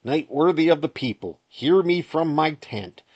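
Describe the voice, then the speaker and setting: A man's voice: a little high, lively intonation, darkish tone, husky, no room sound, dull audio, voice pushed up. A man voicing a solemn male quest-giver in a put-on Southern accent, drawing each phrase out. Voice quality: slow, drawn-out delivery.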